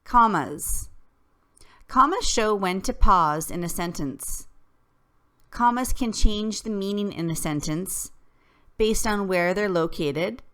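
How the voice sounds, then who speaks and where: A woman teacher reading a scripted lesson, careful and deliberate, with clear pauses. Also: medium pitch, a bit bright. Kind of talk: slow scripted lesson narration.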